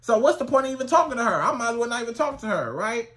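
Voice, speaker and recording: A man giving casual dating advice to the camera, animated and colloquial, repeating his phrases. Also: very high-pitched, very fast. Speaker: dating coach.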